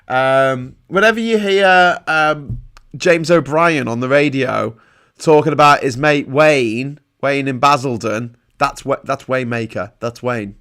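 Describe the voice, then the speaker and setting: A man's voice: mid-range voice, fairly bright tone. A middle-aged man hosting a live stream, chatting casually, joking and reading out viewer comments. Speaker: livestream host.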